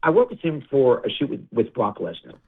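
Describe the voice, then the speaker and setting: A middle-aged male producer, a guest on an interview, telling stories in a blunt, animated way and swearing freely. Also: mid-range voice, fairly quick, slightly rough. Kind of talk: candid interview storytelling. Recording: tinny phone-like audio.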